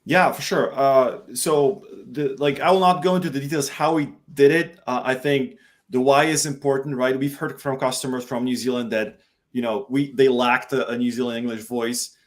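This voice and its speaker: A man from Poland speaking as a guest in a casual webinar, halting and often repeating words, over a video call. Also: mid-range voice, steady tone. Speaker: product manager guest.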